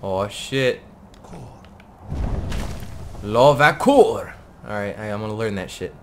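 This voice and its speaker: A man giving casual gameplay commentary in a profane, excitable and joking way. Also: fairly low pitch, brisk, a little hiss or hum.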